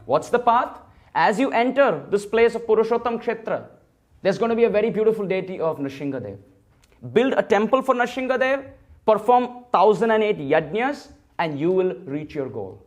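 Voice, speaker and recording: Man, temple sermon, high voice, animated storytelling with acted dialogue. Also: moderate pace, lo-fi sound. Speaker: temple speaker. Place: temple hall.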